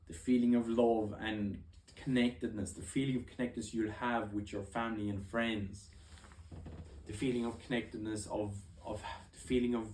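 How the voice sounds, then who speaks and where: An earnest young man coaching and telling a personal story, halting and restarting as he talks. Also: lowish voice, flat delivery, a little mellow, slight background noise. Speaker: life coach. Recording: echoey room.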